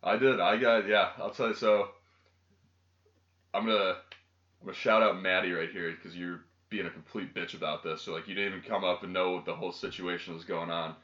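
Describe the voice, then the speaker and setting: A man's voice: deep voice, fairly even intonation, fairly quick, a bit bright. A young man co-hosting a casual podcast, telling rambling, profane stories. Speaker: podcast co-host. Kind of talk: casual chat. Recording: lo-fi echoey room.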